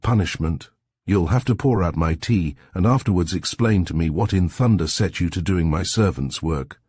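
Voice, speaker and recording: A man's voice: deep voice, lively intonation, normal speed, a little mellow, slightly rough, dry recording, clean studio sound. A man reading the part of an irascible old general who snaps and barks his words. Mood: gruff. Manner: snappish, barking.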